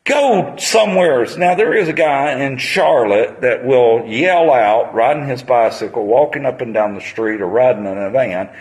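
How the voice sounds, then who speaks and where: A man's voice: mid-range voice, moderate pace, hardly any pauses, darkish tone, poor audio. A man, preaching a sermon on a Bible passage in a conversational storytelling manner.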